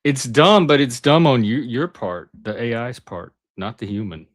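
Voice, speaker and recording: A male host chatting on a live stream, teasing and halting with frequent restarts. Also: mid-range voice, animated, dry recording, clean studio sound. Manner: teasing, hesitant, many restarts. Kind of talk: casual live-stream chat.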